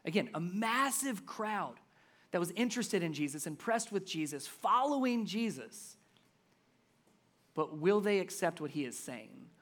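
A pastor giving a sermon in a conversational, emphatic way. The voice swings between loud stressed words and soft, low asides. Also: very animated, a little slow.

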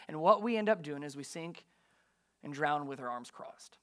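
High-voiced pastor preaching emphatically. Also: male voice, moderate pace, a bit bright. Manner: emphatic preaching with rhetorical questions to the congregation. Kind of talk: sermon.

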